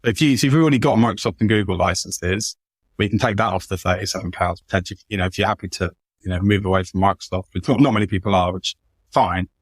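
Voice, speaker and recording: A man's voice: sits low, fast, husky, dry recording. A man, a guest consultant talking casually on a podcast, often repeating words as he goes. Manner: chatty, repeats words and restarts a lot.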